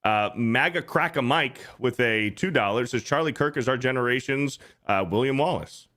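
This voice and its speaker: A man's voice: mid-range voice, normal speed, bright, forceful tone. A man hosting a live stream, reading viewer donations aloud with jokes in a casual chatty way. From USA. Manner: reads donor messages aloud, joking. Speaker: show host reading super chats.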